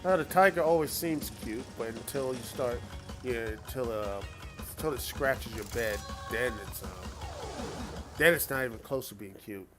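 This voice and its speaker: A man's voice: mid-range voice, moderate pace. A man hosting a game livestream, chatting loosely with lots of fillers while he plays. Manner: rambling, chatty, with many fillers. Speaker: game streamer host. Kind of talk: casual chat while playing a game. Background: video game music.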